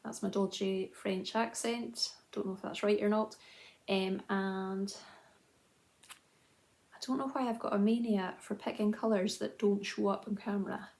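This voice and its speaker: A woman's voice: mid-range voice, steady tone, a little slow, vocal fry, a little mellow. A woman in her thirties chatting casually to camera as host of a knitting video journal, self-deprecating, with frequent ums and restarts. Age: 30s.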